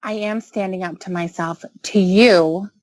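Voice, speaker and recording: A woman arguing back in a firm, sharp, profane way. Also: mid-range voice, fairly even intonation, a little slow, low-quality recording. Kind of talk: heated argument.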